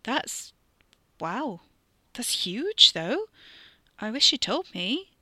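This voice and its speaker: A woman's voice: on the high side, sing-song, very slow, pushed and bright, dry recording, pitched above the performer's own voice, heavily acted. A woman voicing an anxious young woman who sounds earnest and worried about her cousin. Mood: moved.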